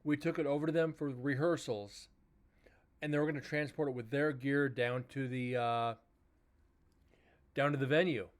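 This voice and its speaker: A tired livestream host chats casually with his viewers, retelling a dispute from work full of filler words and swearing. His mid-range voice holds a steady tone at normal speed, broken by long pauses.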